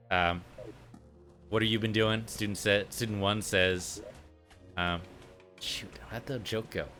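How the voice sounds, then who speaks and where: A man casually commenting on his gameplay as host of a let's play, rambling and telling jokes along the way. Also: on the low side. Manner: relaxed, rambling, joke-telling.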